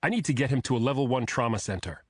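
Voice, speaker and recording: Man reading a woman paramedic, raised pitch, urgent, pressing, dry audiobook sound. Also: expressive, rapid-fire, no echo, lightly acted. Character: female paramedic, urgent and insistent.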